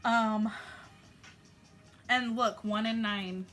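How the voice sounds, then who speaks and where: A woman's voice: mid-range voice, normal speed, a bit bright, soft background music. A woman giving a casual spiritual message to her viewers, affectionate and encouraging, with loose fillers. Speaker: spiritual YouTube channeler.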